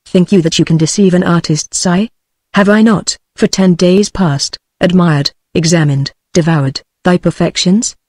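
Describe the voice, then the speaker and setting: A woman's voice: on the low side, unhurried, no echo, studio quality. A text-to-speech woman's voice with a British accent voicing a passionate young male sculptor in a storybook reading. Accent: British English. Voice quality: even synthetic reading voice.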